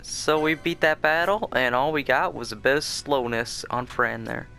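A young man with a bright, forward voice talks his way through a video game, rambling and casual, restarting sentences and filling pauses. His pitch sits in an ordinary middle range, and faint game music plays under his voice. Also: creaky. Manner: rambling and chatty, with many fillers and restarts. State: sleepy, yawning. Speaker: let's play host. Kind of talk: casual gameplay commentary.

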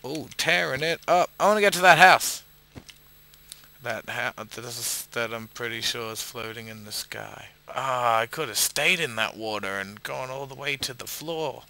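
A man with an Australian accent, a bit drunk, giving casual gameplay commentary and swearing loudly at his own failed jumps. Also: medium pitch, normal speed, gravelly, few pauses. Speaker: gamer playing a parkour map.

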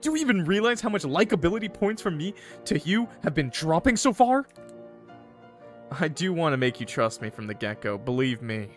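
A man's voice: mid-range voice, brisk, hardly any pauses, faint music behind, close to an everyday voice. A man voicing a smug, cocky male guardian angel, reading game dialogue in a playful, sly drawl. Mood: teasing.

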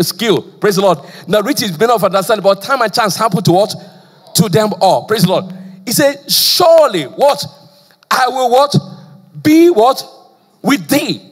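A man's voice: high voice, fairly bright tone. A male pastor from Nigeria preaching a sermon with call-and-response questions, a slight stammer and frequent "praise the Lord.". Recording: long church hall reverb.

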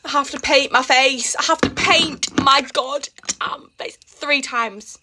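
A woman's voice: high-pitched, takes it slowly, noisy background. A teenage girl chatting while getting ready for school, dramatic and exasperated, laughing often. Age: teens. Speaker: vlogger. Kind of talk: get-ready-with-me vlog.

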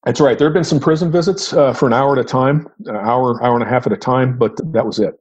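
A man's voice: medium pitch, fast talker, darkish tone, breathy edge, lo-fi sound. A middle-aged man, a retired federal agent, recounting an old case in conversation, often restarting and repeating words. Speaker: retired FBI agent, podcast guest.

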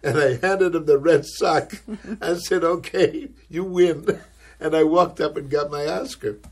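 Husky older guy spinning a showbiz yarn, acts out the quotes, lots of "you know". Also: on the high side, a little slow. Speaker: actor recalling his career. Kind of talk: anecdotal interview storytelling.

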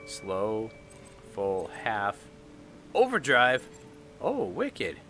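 Enthusiastic male gamer, bright tone, lively up-and-down delivery, soft game music under him. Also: fairly low pitch, very slow. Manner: excitable, reads game text aloud in voices. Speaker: gaming YouTuber. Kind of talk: let's play commentary. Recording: light game music behind.

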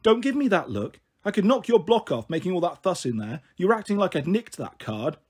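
A man's voice: high-pitched, very animated, fairly quick, husky, heavily acted. A man doing a brash, bantering mum. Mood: scolding. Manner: loud, sharp, bantering. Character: brash, careless young mother, teasing and scolding. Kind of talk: audiobook reading.

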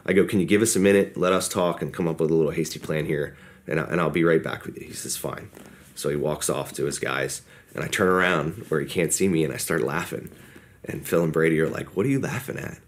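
A man with a very deep, low voice tells a war story in an interview. He talks in a casual, rambling way and acts out the lines people said. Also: steady tone, fairly quick. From United States. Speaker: podcast guest.

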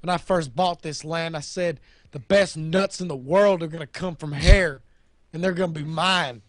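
A man's voice: fairly high pitch, moderate pace, no echo, natural voice. A man voicing a brash, boastful hayseed nut farmer with a drawling folksy manner in an improvised comedy bit. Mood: proud.

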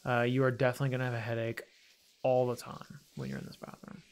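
Talking fast and flatly in a gravelly, mid-range voice edged with fry, a man provides casual let's-play commentary while gaming. He chats, mutters to himself, and pokes fun at his own slip-ups.

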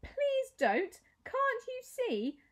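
A woman's voice: very high voice, sing-song, normal speed, voice pushed up. A woman reading a storybook aloud, voicing a young girl who pleads passionately for a friend. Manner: pleading, breathless.

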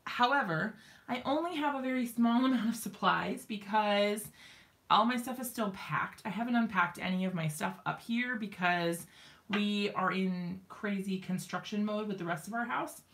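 A woman's voice: mid-range voice, moderate pace, a bit bright. A woman in her thirties chatting casually on a craft live stream from her home craft room, laughing often and apologizing, with plenty of fillers, sometimes out of breath and moving nearer to or farther from the mic.

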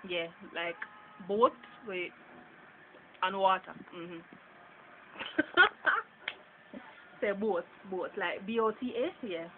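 A Jamaican woman vlogger casually reads a word list for an accent tag, chatting in her Jamaican accent about how she says each word and laughing between them. Her mid-range voice is sing-song and extremely slow, with frequent pauses, and the audio is tinny and phone-like with faint noise.

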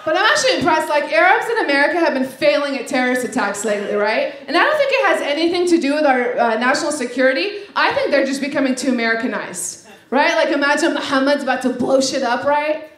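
On a club stage with a handheld mic, a woman from a Lebanese family does a brash, profane stand-up set. Her animated voice sits high with a fairly bright tone, and after each joke she checks in with the crowd through quick "right?" asides. The club is echoey, with crowd noise.

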